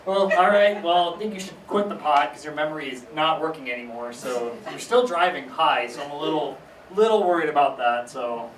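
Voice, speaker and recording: A young man does stand-up on a small theater stage, his voice sitting a little high and talking in a loose, casual way. He drops in deadpan asides and acts out the voices of his relatives. The sound comes from a distance, with a roomy echo and clear noise in the background. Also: normal speed. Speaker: stand-up comedian. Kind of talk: stand-up comedy set. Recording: echoey room recorded from far off.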